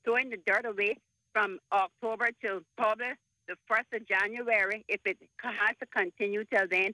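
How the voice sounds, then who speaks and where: A woman's voice: mid-range voice, steady tone, fairly quick, sharp tone, no room sound. A Caymanian woman in her sixties calling in to a talk radio show, upset and insistent as she lays out her complaints. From Cayman Islands. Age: 60s. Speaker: caller. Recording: tinny phone line.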